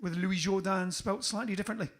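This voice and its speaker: A man's voice: high voice, fairly even intonation, fast talker, fairly bright tone. A man, a band's singer, chatting casually with a bandmate on a livestream, rambling and joking, often trailing off mid-thought. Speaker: band singer and co-host.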